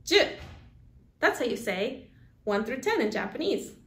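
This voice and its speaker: A woman's voice: a little high, very animated, a little slow. A woman presenting a school news segment, teaching children words in an upbeat call-and-repeat style; Spanish is her first language. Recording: echoey room.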